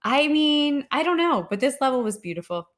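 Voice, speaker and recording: A woman's voice: high-pitched, big pitch swings, moderate pace. A woman in her thirties co-hosting a podcast, chatting casually and upbeat. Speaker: podcast co-host. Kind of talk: casual chat.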